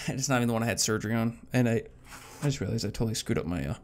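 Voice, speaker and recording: A man's voice: medium pitch, rapid-fire, a little hiss or hum. A man playing a horror game and talking to his viewers, nervous and jumpy, swearing and muttering to himself, with faint keyboard clicks. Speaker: gaming channel host. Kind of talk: horror game let's play commentary.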